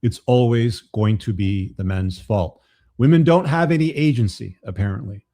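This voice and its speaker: A man's voice: mid-range voice, normal speed, mellow. A man hosting a live commentary show, talking bluntly with frequent profanity. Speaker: host.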